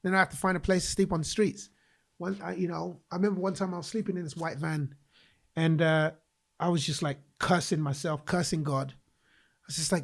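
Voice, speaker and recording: A man from England, speaking as a guest on a podcast. His voice sits a little high and has a gravelly edge. He tells his story with animation and slips into the voices of the people he quotes. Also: steady tone, a little fast. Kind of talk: personal storytelling in a podcast interview.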